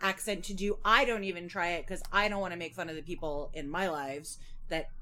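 Emphatic woman co-host, bright tone, casual chat. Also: lowish voice, fairly even intonation, a little fast. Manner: emphatic, blunt opinions. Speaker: podcast co-host.

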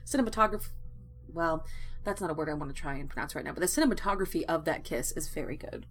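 A woman's voice: sits low, lively intonation, fast, fairly bright tone. A woman co-hosting a podcast, chatting in a playful, jokey way. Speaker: podcast co-host. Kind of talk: casual chat.

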